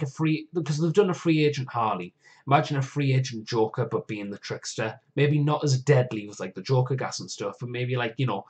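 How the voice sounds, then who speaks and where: A man hosting a live stream, talking casually in a rambling, digressive way, often losing his thread and correcting himself while eagerly listing wishes. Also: mid-range voice. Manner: enthusiastic, lively wish-list talk.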